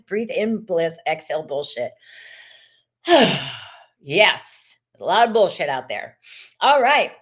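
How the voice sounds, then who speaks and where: A woman hosting a live tarot reading stream, chatty and expressive, greeting viewers in the chat and laughing often. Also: fairly low pitch, measured pace.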